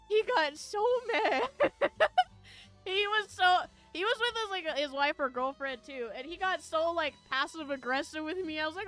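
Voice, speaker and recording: A chatty VTuber streamer with a high, bright, sharp voice tells her viewers a rambling story at a moderate pace. She laughs often and fills gaps with "um" and "like," while soft music plays in the background.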